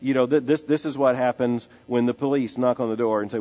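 Preacher in a big echoing hall. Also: male voice, mid-range voice, fairly even intonation, dark tone. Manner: emphatic, repeats phrases, slows down for weight. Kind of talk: expository sermon. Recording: dull lo-fi sound in a large reverberant hall with faint music.

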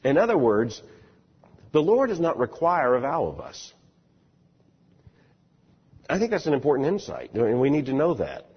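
Husky-voiced preacher in a big hall. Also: male voice, medium pitch, huge pitch swings, moderate pace, pauses often. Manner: conversational, storytelling, repeats words when starting phrases. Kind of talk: expository sermon. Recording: dull recording in a large reverberant hall.

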